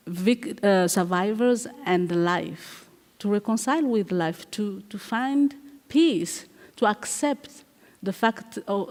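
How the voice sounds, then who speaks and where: A woman from Rwanda speaks as a guest in an onstage interview, earnest and halting, often repeating a word before going on. Her voice is mid-pitched and carries the long reverb of a live festival hall. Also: a little mellow. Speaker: guest playwright and performer. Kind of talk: conversational interview.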